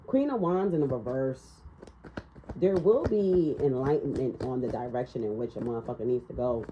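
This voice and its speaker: Speaking briskly over background noise, a woman does an informal tarot reading full of profanity, rants, and laughter. Her pitch rises and falls animatedly, captured on a somewhat dull, lo-fi recording.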